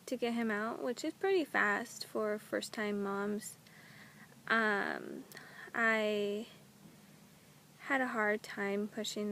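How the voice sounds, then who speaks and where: A woman's voice: medium pitch, gravelly, slight background noise. A young woman, a new mother, telling her personal story at home in a candid, emotional way, with frequent halts and restarts.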